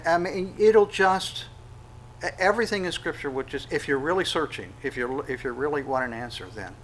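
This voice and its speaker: A man preaching a sermon, conversational, with sudden loud acted-out quotes. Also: on the high side, animated, moderate pace, rough recording. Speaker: pastor.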